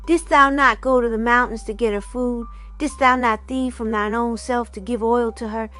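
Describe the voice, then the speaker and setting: Woman reading strong jealous hunter man, hoarse, menacing old-fashioned speech. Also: steady tone, normal speed, pushed and bright, faint music behind. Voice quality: deep and hoarse. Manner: archaic, threatening speech.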